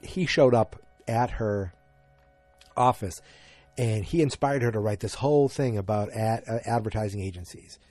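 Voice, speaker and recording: A man's voice: fairly low pitch, moderate pace, a little mellow, dry recording, soft background music. A man hosting a podcast, casually recapping a TV episode in a rambling way, with many fillers and restarts. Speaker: podcast host.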